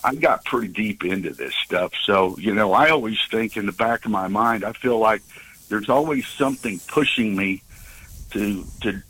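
A man in his sixties calling in to a talk show and telling a personal story, halting with many fillers and restarts. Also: lowish voice, sharp tone, husky, poor audio. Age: 60s. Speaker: caller.

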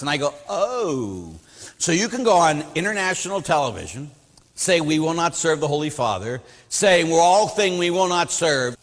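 Priest giving a teaching talk, male, slightly high voice, storyteller who acts out quotes, long hall reverb. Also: fairly bright tone. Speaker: Catholic priest.

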